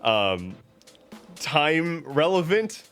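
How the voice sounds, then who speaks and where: A man's voice: on the high side, big pitch swings, drawn-out words, fairly bright tone, faint music behind. Rambling man chatting on a live stream. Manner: rambling, joking, with many restarts. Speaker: live streamer reading chat. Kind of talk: casual live-stream chat. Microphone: webcam setup at home.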